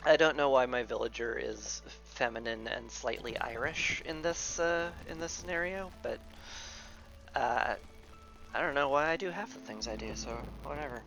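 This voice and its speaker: A man's voice: medium pitch, moderate pace, gravelly, a bit bright, soft background music. A man casually talking through a video game as he plays, musing aloud with playful asides.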